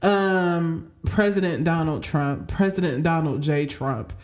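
A woman's voice: low-pitched, a little mellow. A young adult woman co-hosting a podcast in casual chat, playful and talking straight to her listeners. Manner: playful, drawn-out, addresses listeners directly. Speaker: podcast co-host.

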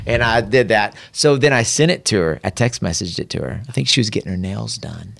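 A man telling a long, animated story as a guest on a talk show, slipping into the voices of the people in it. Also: lowish voice, gravelly, no echo. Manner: animated, drawn-out storyteller who slips into quoted voices. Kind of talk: casual storytelling.

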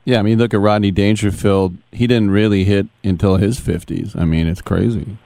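A man's voice: on the low side, steady tone, moderate pace, gravelly, warm tone, dry recording. A man hosting an interview, easygoing as he asks questions and retells anecdotes. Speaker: podcast host. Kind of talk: casual interview talk.

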